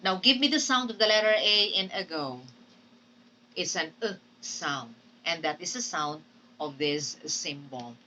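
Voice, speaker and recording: A woman's voice: sits low, animated, a little slow, sharp tone, far from the mic, a little hiss or hum, poor audio. A woman with a Filipino accent, teaching English pronunciation in a patient classroom lecture, drilling words and repeating them. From Philippines.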